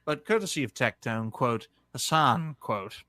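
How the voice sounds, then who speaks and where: Sarcastic man with a bright, dry voice. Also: medium pitch, expressive, unhurried, no echo. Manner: sarcastic, says "folks" often. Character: dignified male cartoon gentleman. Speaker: host. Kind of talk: satirical commentary.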